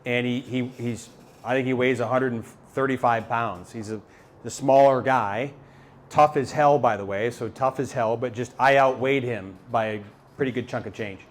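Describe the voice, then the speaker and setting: A man telling a story live to an audience, animated and halting, with many repeated words and fillers. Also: medium pitch. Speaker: motivational speaker. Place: talk venue with a live audience.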